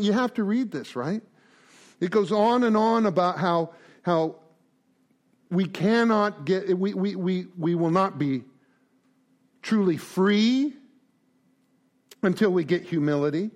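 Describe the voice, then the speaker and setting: A man's voice: sits high, a little slow, pauses often. A middle-aged man giving an informal recovery group talk, acting out little conversations and tagging lines with "right?" and "man". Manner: animated, acts out conversations, frequent "right?" and "man".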